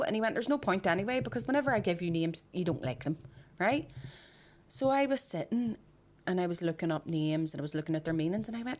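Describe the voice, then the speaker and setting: A woman in her thirties with a Belfast accent, telling stories on a podcast in a sweary, animated way and acting out what people said. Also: lowish voice, quick pace. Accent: Belfast Northern Irish. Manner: sweary, animated, acts out quotes. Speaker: podcast co-host. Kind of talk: casual storytelling chat.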